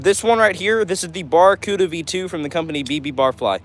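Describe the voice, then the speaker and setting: A male livestream host chats casually with his viewers, answering their comments one after another. His voice sits a bit high for a man, and he talks in an upbeat, rambling way. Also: brisk, fairly bright tone. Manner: chatty and upbeat, many fillers like "all right".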